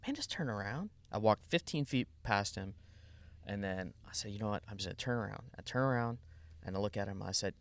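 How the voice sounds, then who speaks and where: A man appearing as a podcast guest, telling a long story in a rambling, animated way with many restarts. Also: on the low side, brisk, vocal fry. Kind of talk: casual storytelling.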